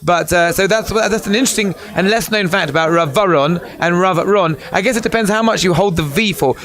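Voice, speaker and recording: A man's voice: sits high, moderate pace, fairly bright tone. A man hosting a live fundraising broadcast, chatty and rambling as he fills time.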